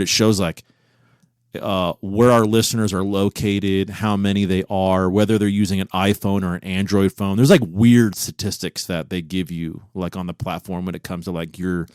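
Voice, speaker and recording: A man co-hosting a casual podcast from a home recording room, cursing freely and breaking into loud disbelief. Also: low-pitched, fairly even intonation, moderate pace, smooth, no room sound, clean studio sound. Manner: profane, incredulous, loud bursts of disbelief. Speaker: podcast co-host. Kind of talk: casual banter.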